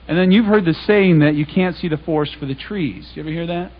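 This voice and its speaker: A man's voice: a little high, fast, hardly any pauses, dull audio, slight background noise. A man giving a public Bible talk, telling stories in a casual, conversational way and acting out the dialogue. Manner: conversational, anecdotal, acts out dialogue. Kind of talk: storytelling sermon.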